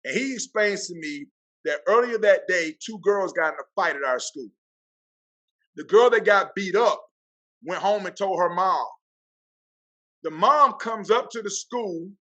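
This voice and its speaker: High, bright-voiced storyteller man. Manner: lively, acts out quotes. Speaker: athletic director, podcast guest. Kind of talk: animated storytelling.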